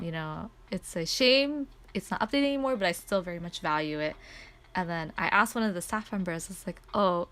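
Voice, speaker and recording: Excitable woman rambling through a story. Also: lowish voice. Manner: excitable, rambling, lots of "like" fillers. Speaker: streamer. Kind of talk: casual story time chat.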